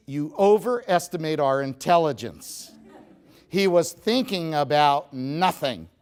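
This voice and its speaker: Animated joking male speaker. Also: on the high side. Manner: animated, joking, addresses the audience directly. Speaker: motivational speaker. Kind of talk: humorous seminar talk to a live audience. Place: live talk before an audience.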